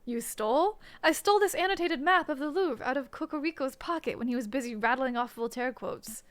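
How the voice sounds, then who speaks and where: A woman's voice: high-pitched, brisk, no room sound, close to an everyday voice. Woman voicing a cheeky little sparrow sidekick. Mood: sly. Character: small cheeky male sparrow assistant.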